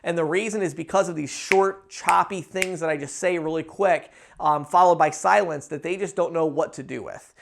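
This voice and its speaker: A man teaching cold-calling techniques to camera, talking casually and acting out quick sales lines with energy. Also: on the high side, creaky. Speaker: sales trainer. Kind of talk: instructional talk to camera.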